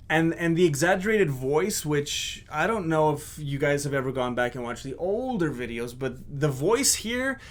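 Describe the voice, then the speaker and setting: A video creator, a man, looking back on his old videos in casual reflective commentary, candid and self-critical, pausing often. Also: on the high side.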